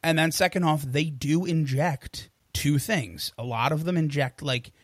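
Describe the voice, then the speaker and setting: A man's voice: fairly high pitch, measured pace, dry recording, studio quality. A man co-hosting a music podcast, chatting casually with easygoing, emphatic remarks. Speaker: podcast co-host. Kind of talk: casual music review chat.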